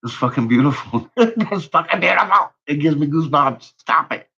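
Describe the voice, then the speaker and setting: A man's voice: fairly high pitch, animated, normal speed, gravelly, pushed and bright, husky, highs cut off. A man livestreaming to his chat in a profane, rambling rant, laughing often. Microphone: own microphone.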